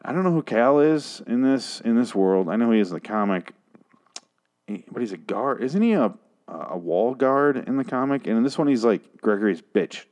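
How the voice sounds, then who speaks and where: A man's voice: mid-range voice, animated, moderate pace, darkish tone. A man casually recapping a TV episode, rambling, sarcastic and profane, with frequent asides and restarts. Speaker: show recap host.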